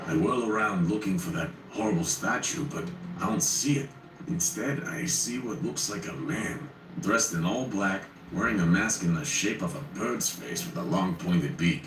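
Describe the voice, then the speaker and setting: A man's voice: deep voice, moderate pace, music in the background. A man narrating a first-person horror story in a wry, conversational way. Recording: roomy, distant, faint noise.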